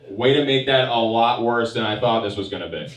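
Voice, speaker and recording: A young man performing a stand-up comedy set, telling stories in a wry, deadpan way with sarcastic asides. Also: medium pitch, unhurried. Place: comedy club stage. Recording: echoey room picked up from a distance.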